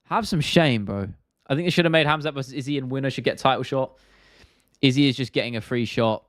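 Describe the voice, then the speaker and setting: A man's voice: mid-range voice, fast, no echo, clean studio sound. A young British man hosting a live stream, chatting casually and answering viewer questions in a laid-back, rambling, slangy way.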